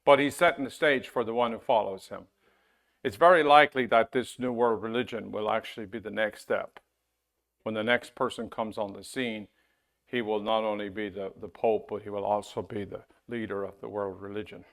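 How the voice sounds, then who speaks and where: A man teaching a Bible-school class in a casual, conversational way, often checking in with his listeners and reading scripture aloud slowly. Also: on the low side, fairly even intonation, a bit bright.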